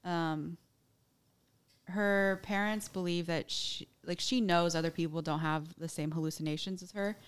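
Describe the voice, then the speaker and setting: A young woman co-hosting a podcast, talking through her research notes in a loose, filler-heavy way. Her voice sits a little low and sounds smooth and clear. She often restarts a sentence and tries again. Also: steady tone, a little slow. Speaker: podcast co-host. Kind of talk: casual chat, reading research notes.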